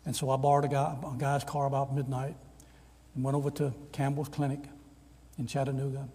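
Older preacher telling stories from the pulpit, kinda husky mellow voice, big echoey hall. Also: male voice, mid-range voice, brisk. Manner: animated storyteller, acts out quoted voices. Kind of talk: storytelling sermon. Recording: long reverb of a large hall.

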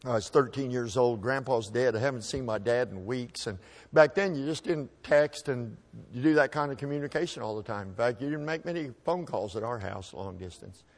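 Man, folksy storyteller, middle pitch, halting, repeats words, speaking at a microphone. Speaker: speaker telling a personal story. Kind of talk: personal storytelling to an audience.

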